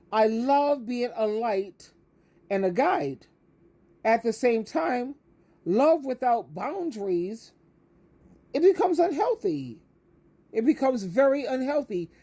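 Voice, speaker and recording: A woman's voice: a little high, mellow. An older woman, an advice coach, giving an emphatic, preachy monologue that repeats words for stress and calls the listener honey. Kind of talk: direct-to-camera monologue.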